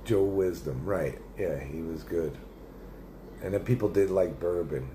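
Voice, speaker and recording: A man's voice: sits low, measured pace, noisy background. A middle-aged man live streaming, rambling and swearing in casual chat as he reads viewer comments aloud. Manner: rambling and profane, with many restarts.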